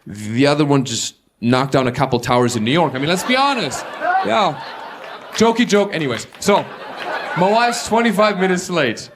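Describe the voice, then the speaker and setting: A man works the crowd at a comedy club, his voice sitting a bit high and swinging all over the place. He punches his lines and slips into voices to act out other people. The live recording carries clear audience noise behind him. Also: moderate pace. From Germany. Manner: animated, shouts punchlines and acts out quoted voices. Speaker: stand-up comedian. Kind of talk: stand-up crowd work.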